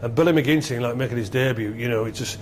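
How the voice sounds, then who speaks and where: Excitable man telling stories. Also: mid-range voice, fast talker, slight background noise. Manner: excitable, rambling, repeats himself. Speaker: former rugby league captain, guest. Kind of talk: animated storytelling interview.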